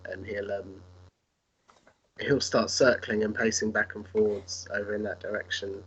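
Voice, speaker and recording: A man's voice: lowish voice, steady tone, normal speed, fairly bright tone, breathy edge, lo-fi sound. A man playing a tabletop game, describing his moves with wry, dry understatement. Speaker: player.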